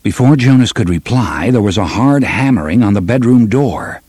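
A man reading a gritty novel aloud in steady, measured audiobook narration. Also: lowish voice, breathy edge, no room sound. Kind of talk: scripted narration.

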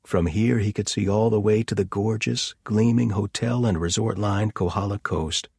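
Low, husky male narrator. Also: fairly even intonation, a little mellow, no echo, studio quality. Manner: measured, descriptive storytelling. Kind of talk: audiobook narration.

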